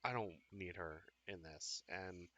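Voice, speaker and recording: Bright-voiced rambling male co-host. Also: deep voice, unhurried, dry recording. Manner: rambling, many fillers and restarts. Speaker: podcast co-host. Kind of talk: casual live-stream chat.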